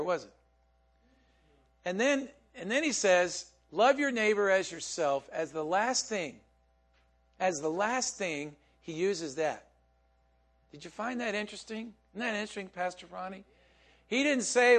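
A man with a high voice preaches a sermon in a loose, conversational way. He puts questions to the congregation and laughs often as he talks.

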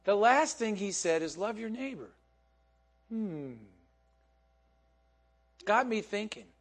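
Man, preacher, high voice, chatty sermon, asks questions, laughs often. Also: expressive, slow pace.

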